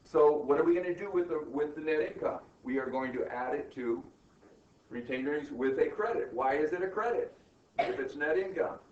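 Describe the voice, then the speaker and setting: A man's voice: fairly high pitch, normal speed. A middle-aged man teaching accounting in a classroom, emphatic and often checking in with "right?" and "okay?". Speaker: accounting instructor. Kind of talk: classroom lecture. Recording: muffled, roomy classroom recording from far off.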